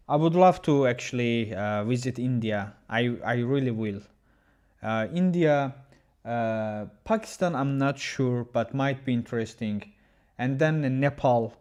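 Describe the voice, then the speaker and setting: Halting male chess streamer. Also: mid-range voice, darkish tone, clean tone. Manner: halting, with many restarts, chatting with viewers. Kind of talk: casual livestream chat.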